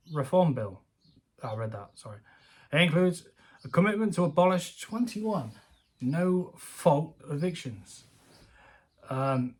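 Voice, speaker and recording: A man giving casual, jokey commentary from home as a YouTuber, rambling and laughing often. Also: mid-range voice. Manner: chatty, jokey, self-deprecating, laughs often. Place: home room.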